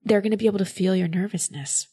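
A woman's voice: medium pitch, fairly even intonation, fast talker, warm tone, breathy edge. A woman coach giving advice in a casual chat, explaining thoughtfully with frequent filler words.

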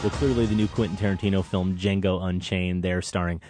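A man's voice: deep voice, steady tone, a little fast, over loud music. A man from Eastern Iowa co-hosting a film podcast, talking in a dry, wry casual way. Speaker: podcast co-host. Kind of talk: casual film-review chat.

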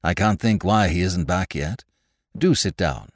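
An earnest gentleman detective, polite but flustered, as a male reader voices him. His voice is deep and low, with lively movement in its pitch and a dry, close sound. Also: unhurried, no room sound. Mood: anxious. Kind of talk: audiobook character voice.

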